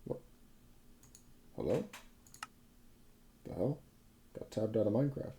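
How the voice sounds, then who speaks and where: A sleep-deprived man in his twenties talks over his gaming session with a lowish, mellow voice. He rambles, restarts his sentences and swears freely, and faint keyboard clicking sits behind him. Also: expressive, very slow, a little hiss or hum. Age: 20s. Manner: rambling, self-correcting, frank with swearing. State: sleep-deprived, up all night. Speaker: gaming video creator. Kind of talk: casual gameplay commentary.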